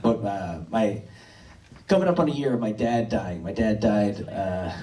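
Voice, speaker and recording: A man's voice: fairly low pitch, lively intonation, measured pace, warm tone, echoey room, recorded from a distance, slight background noise. A man doing a stand-up comedy set, rambling and dry, with lots of stammered restarts. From Worcester, USA. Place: comedy club stage.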